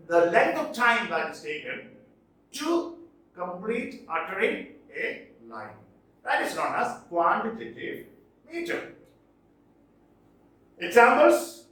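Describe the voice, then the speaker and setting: A man's voice: high-pitched, a bit bright. A male teacher giving a lecture on poetic meter, explaining step by step, repeating words and checking in with "okay". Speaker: English literature teacher. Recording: echoey room from a distance.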